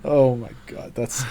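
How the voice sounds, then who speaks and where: A laid-back man from Alabama with a mid-pitched, ordinary voice. He rambles through his sentences as a podcast co-host, often trailing off into a low mumble. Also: mellow, a little hiss or hum. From Alabama, USA. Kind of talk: casual podcast chat.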